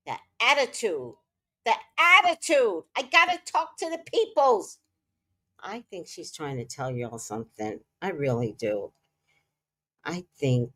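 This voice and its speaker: Brief: woman vlogger, casual chat, scolds the cat, swears a lot, swings from loud to muttered, animated and unhurried. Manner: scolding a cat between remarks to viewers, frequent swearing; swings between loud exclamations and low muttering.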